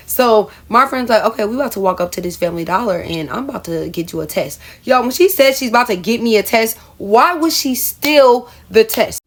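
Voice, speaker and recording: A young adult woman telling a personal story in a casual vlog, chatty and self-mocking, often calling her viewers y'all. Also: medium pitch. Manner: chatty, addresses viewers as y'all, laughs at herself. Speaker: storyteller vlogger.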